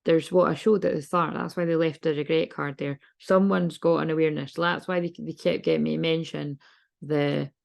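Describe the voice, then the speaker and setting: A woman's voice: low-pitched, fairly even intonation, a little fast, gravelly. A British woman giving a casual tarot reading, rambling, laughing and swearing freely. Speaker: tarot reader.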